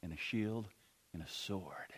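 A preacher playing a young shepherd hero who answers a giant calmly, quietly and firmly. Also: male voice, low-pitched, measured pace, slightly rough, voice pushed down, full character voice. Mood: defiant. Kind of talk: sermon storytelling.

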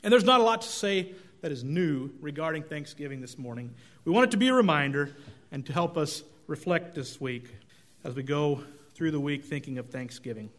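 A middle-aged male pastor delivers a relaxed, conversational sermon. He tells folksy stories and pokes fun at himself. His voice sits a little high for a man. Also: moderate pace. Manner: conversational, self-deprecating, folksy storytelling.

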